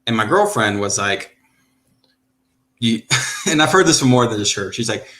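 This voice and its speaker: A man hosting a podcast, chatting casually and giving animated opinions. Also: fairly low pitch, normal speed. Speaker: podcast host. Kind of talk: casual chat.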